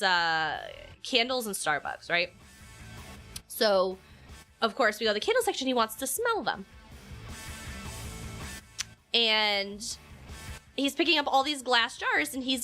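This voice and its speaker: A woman chatting casually on a stream, telling animated stories and laughing often. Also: on the high side. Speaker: streamer and mother. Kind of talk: casual chat.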